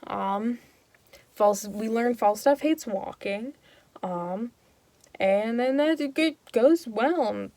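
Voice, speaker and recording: A woman's voice: on the high side, slow, mellow, no room sound. Young woman host, casual rambling comic summary, dry close sound.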